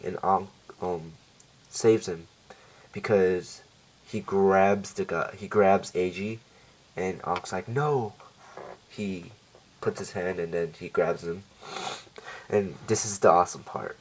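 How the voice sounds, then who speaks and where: Low-voiced man rambling through a recap. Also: fairly even intonation, slow, poor audio. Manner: rambling, many fillers and self-corrections. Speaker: show reviewer. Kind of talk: casual episode recap.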